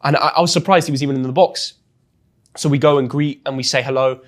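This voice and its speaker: A young man from England with an English accent, telling a story as a guest in an interview with lively, chatty energy and frequent restarts. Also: medium pitch, fast talker. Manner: chatty and animated, often restarts words. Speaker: guest, football influencer.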